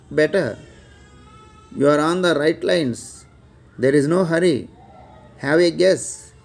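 Slow gravelly Indian English teacher. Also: male voice, fairly high pitch. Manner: slow, deliberate phrase-by-phrase reading with repeats. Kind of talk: reading out classroom phrases.

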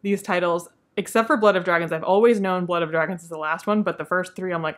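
A woman's voice: lowish voice, quick pace, hardly any pauses. Chatty, opinionated woman reviewing books. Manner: chatty, opinionated, laughs often. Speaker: book reviewer. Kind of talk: casual monthly reading wrap-up.

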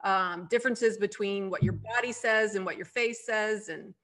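Bright-voiced woman podcast host. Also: medium pitch, moderate pace. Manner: enthusiastic, encouraging interviewer. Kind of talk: interview questions.

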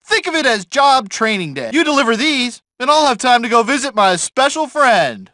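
A man voicing a grumpy, short-tempered mailman in a video game, with gruff, huffy everyman talk. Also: very high-pitched, sing-song, moderate pace, sharp tone, no room sound, clean studio sound, full character voice. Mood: cheery. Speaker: game character.

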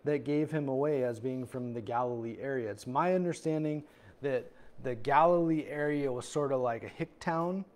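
In a church, a male pastor works through an expository sermon verse by verse, speaking conversationally. His mid-range voice is a little mellow, and he acts out the people in the story with little voices.

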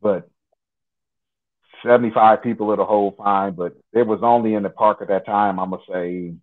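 A man from Nebraska, a guest in an interview, telling a personal story in an unhurried, detailed, conversational way. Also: on the low side. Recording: tinny phone line.

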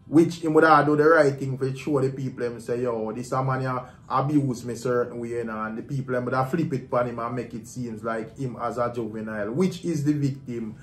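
Jamaican male show host, mid-pitched, reflective commentary with room echo. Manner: reflective, sympathetic, repeats "you see what I say".

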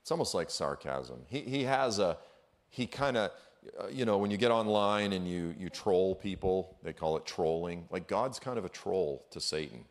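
A man giving an energetic, conversational sermon as a guest speaker in a church, with casual slang and frequent asides. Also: low voice, normal speed.

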